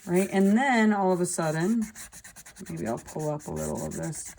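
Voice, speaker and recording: A woman's voice: on the low side, moderate pace, a little mellow, a little hiss or hum. A woman teaching a drawing lesson, talking through each step as she draws. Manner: talking while drawing, thinking aloud. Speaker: art teacher. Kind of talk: drawing demonstration.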